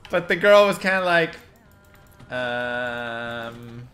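A man's voice: medium pitch, unhurried, pushed and bright, soft background music. A man casually commenting on his gameplay during a live stream, chatty and rambling with frequent laughs. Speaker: game streamer.

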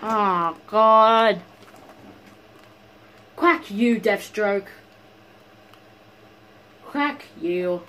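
A gamer giving casual, excitable commentary while playing a fighting game, often yelling and swearing at it. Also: mid-range voice, measured pace, long pauses, rough recording. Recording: background noise.

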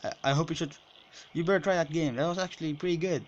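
A man's voice: fairly high pitch, fast talker, highs cut off, a little hiss or hum. A man giving jokey, dramatic let's play commentary as a gaming video host. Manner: jokey, dramatic, shouts and screams at scares. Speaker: gaming YouTuber.

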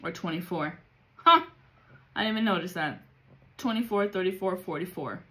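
A woman's voice: fairly low pitch, moderate pace, bright, forceful tone. A woman giving a casual spiritual reading, blunt and full of profanity and street slang. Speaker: psychic reader.

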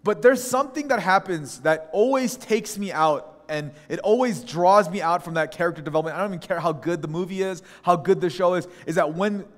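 A man preaching a conversational sermon as a pastor, telling stories in an animated, opinionated way. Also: sits high, brisk, hardly any pauses. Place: church sanctuary. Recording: long church hall reverb.

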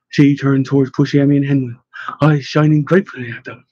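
Man narrating with a husky voice. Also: mid-range voice, fairly even intonation, a little fast, warm tone, dry recording. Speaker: audiobook narrator. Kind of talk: scripted narration. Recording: slightly dull, dry recording.

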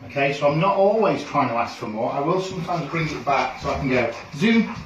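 A man working as a dog trainer, calmly explaining a training session with frequent ums. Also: a little high, fairly quick, far from the mic, lo-fi sound. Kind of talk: instructional training video. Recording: roomy sound, speaker off from the mic.

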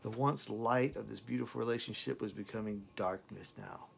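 Gravelly man reciting lyrics with passion. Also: lowish voice, slight background noise. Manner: dramatic, slowed recitation with repeated words. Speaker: song reviewer. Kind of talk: impassioned lyric recitation and commentary.

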